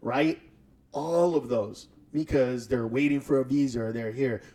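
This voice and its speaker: A man hosting a casual chat, telling stories in an animated, profane, joking way. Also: mid-range voice, a little slow, low-quality recording.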